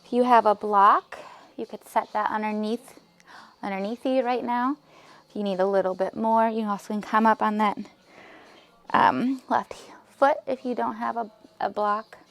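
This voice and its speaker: A woman leading a yoga class, giving calm, encouraging cues with soft breathy asides. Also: medium pitch, normal speed. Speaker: yoga instructor. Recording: music playing faintly behind.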